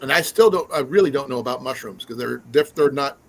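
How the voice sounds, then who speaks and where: A man's voice: mid-range voice, fast talker, low-quality recording. A man hosting a casual live stream, chatting in a rambling way with many fillers and restarts. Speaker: livestream host.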